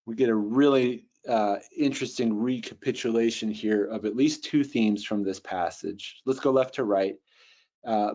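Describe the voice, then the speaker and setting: A man teaching Bible translation in a webinar, thinking aloud with fillers and restarts, and reading Greek words slowly. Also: mid-range voice, darkish tone. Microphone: computer mic on a video call. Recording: dull lo-fi webinar audio.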